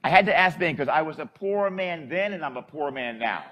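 Male priest, homily storyteller; high, very animated delivery. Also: a little fast, a little hiss or hum. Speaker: Catholic priest.

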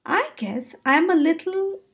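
A woman's voice: very high voice, animated, moderate pace, voice pushed up. A woman voicing a brave, kind male bear hero in a storybook, cheerful and determined.

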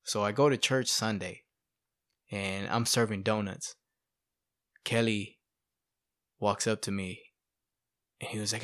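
Lively storytelling man, dry close voice. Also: fairly low pitch, a little slow, long pauses, no room sound. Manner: animated, fills speech with "right?" and "you know". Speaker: podcast guest sharing testimony. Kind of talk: casual storytelling.

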